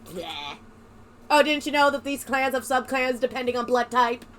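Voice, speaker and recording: A woman's voice: sits high, animated, moderate pace, a bit bright. A young woman playing a video game and chatting, playful and sarcastic. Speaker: gamer. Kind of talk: let's play commentary.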